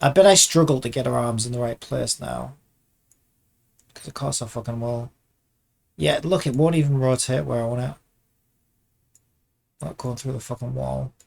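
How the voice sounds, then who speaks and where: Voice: mid-range voice, normal speed, gravelly, pauses often. A game developer vlogging while working, muttering and swearing in constant exasperation, often trailing off and restarting sentences. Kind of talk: casual dev vlog commentary while working.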